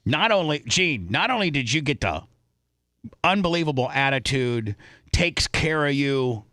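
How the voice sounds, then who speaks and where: A man's voice: medium pitch, animated, unhurried, pushed and bright, no room sound. A male radio talk show host reading out listener donations on air from his studio, emotional and rambling, with many restarts. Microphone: studio microphone.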